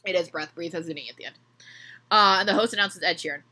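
A woman's voice: fairly low pitch, fast, bright, forceful tone. A young woman hosting a podcast, reading fan fiction aloud and breaking off to joke and laugh. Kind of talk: comedic reading with chat.

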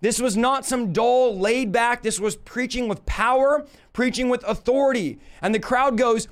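A man's voice: very high voice, normal speed, few pauses. A man preaching a live-stream Bible teaching, emphatic and full of rhetorical questions to his audience.

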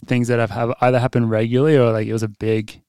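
Smooth-voiced laughing podcast host. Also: male voice, medium pitch, little pitch movement, fast, darkish tone, no room sound, clean studio sound. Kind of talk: casual chat.

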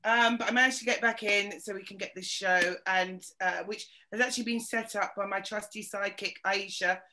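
A woman hosts a podcast in easy, casual chat, playful and full of jokes. Her voice is bright and clear, sitting in a middle range for a woman. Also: mid-range voice, steady tone, a little fast. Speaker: podcast host.

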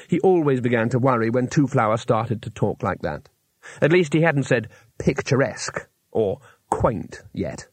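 Husky guy reading an audiobook, steady dry delivery, dead dry room. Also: mid-range voice, normal speed, no room sound. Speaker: audiobook narrator. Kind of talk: scripted narration.

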